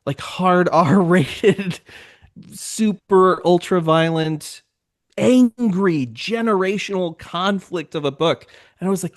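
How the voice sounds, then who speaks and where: Higher-voiced man gushing about a book. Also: slow pace. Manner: gushing and animated, lots of "like". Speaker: podcast host, panel guest. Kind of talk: casual panel chat. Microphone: video call mic.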